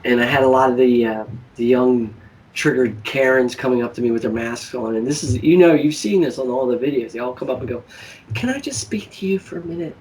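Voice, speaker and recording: Animated man telling stories off-mic. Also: medium pitch, brisk, far from the mic, low-quality recording. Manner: animated storytelling, acts out quoted people. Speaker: show host. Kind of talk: casual political chat.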